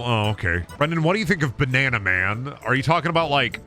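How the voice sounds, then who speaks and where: A man's voice: medium pitch, expressive, fast talker, few pauses, bright, forceful tone, faint music behind. A young man commentating a video game, ranting and swearing in mock frustration. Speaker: streamer. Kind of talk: gameplay commentary.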